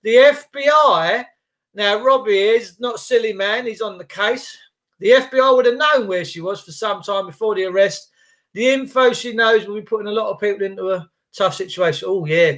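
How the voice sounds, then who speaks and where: A man's voice: extremely high pitch, moderate pace, a bit bright. A middle-aged man rambling on a morning livestream, greeting viewers by name and swearing casually. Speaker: livestream host.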